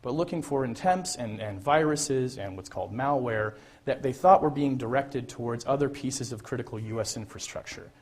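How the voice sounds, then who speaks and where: Brief: adult man, mid-pitched, lecturer relating an anecdote, loose and chatty with restarts. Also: moderate pace, husky. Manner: conversational, frequent fillers and restarts. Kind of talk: public lecture storytelling.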